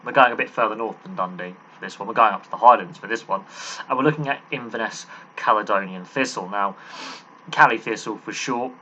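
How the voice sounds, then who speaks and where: A man with a strikingly bright, sharp-edged voice talks through a football club's history as a casual, unscripted explainer. He sounds loose and conversational, as if speaking off the cuff. The recording is dull and a little lo-fi. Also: on the low side, brisk, a little hiss or hum. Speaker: football history channel host.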